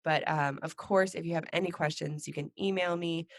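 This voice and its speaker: A woman hosting a casual live video chat, speaking in a relaxed way with short encouraging replies. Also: sits low, brisk, no room sound, clean studio sound. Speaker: host.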